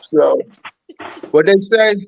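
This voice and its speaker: A man's voice: high voice, slow, vocal fry, lo-fi sound. A man co-hosting a live talk show, talking bluntly and swearing freely. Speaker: co-host. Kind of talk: casual live show chat.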